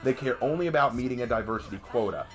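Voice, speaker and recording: A young adult man ranting on a live stream in a casual, emphatic way, jumping up in pitch during heated outbursts. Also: fast talker, over music. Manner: animated, emphatic, voice jumps high in outbursts. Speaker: streamer and commentator.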